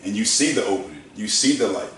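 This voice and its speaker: Low-voiced man musing on a podcast. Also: lively intonation, fast talker, a bit bright. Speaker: podcast co-host. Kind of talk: casual chat. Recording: echoey room, distant mic, faint noise.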